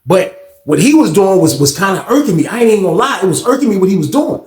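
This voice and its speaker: A man telling a story in a casual, animated way, swearing and acting out every voice. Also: high-pitched, fast talker, reverberant. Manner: animated, profane, acts out every voice.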